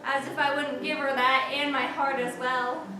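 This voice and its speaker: A woman's voice: high voice, little pitch movement, moderate pace, music in the background. A young woman acting the lead in a school stage play, talking theatrically. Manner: theatrical, exclaiming. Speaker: student actor playing Kate. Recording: echoey hall, far from mic, noisy.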